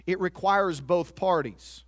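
High-voiced earnest preaching man. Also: slow pace, no echo, studio quality. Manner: earnest, confessional preaching with repeated words. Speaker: pastor. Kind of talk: sermon.

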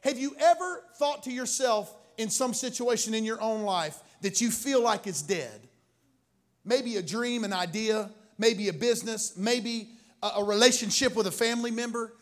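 High-voiced man preaching a lively sermon. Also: normal speed. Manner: animated preaching, swings between loud bursts and low asides. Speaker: pastor.

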